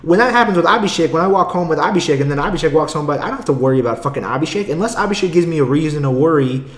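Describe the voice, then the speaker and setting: A man's voice: on the high side, expressive, very fast, echoey room. A young man, an aspiring comic, rambling casually and with a lot of swearing in a solo podcast monologue, with frequent laughs. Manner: rambling, profane, laughs often.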